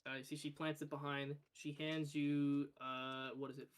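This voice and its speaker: A man narrating as game master in a tabletop game, relaxed and full of fillers. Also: fairly high pitch, moderate pace, clean tone.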